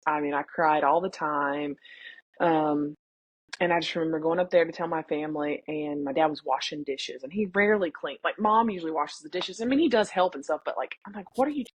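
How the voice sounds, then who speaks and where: A young woman, a podcast guest, speaks in a low, brisk voice with a breathy edge, and there's no room sound. She talks candidly and emotionally in a casual interview, often reenacting what her family said.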